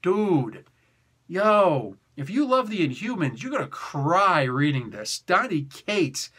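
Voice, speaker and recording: A man giving an excitable, slangy comic book review, laughing often and dropping into quick impressions. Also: high voice, husky. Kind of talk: animated comic review rant.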